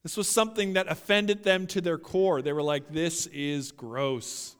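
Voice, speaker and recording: Guy preaching, kinda high voice, gets loud and punchy, big hall echo. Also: a little fast, clean tone. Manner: emphatic, building to loud peaks, addresses listeners as guys. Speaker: pastor. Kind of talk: sermon.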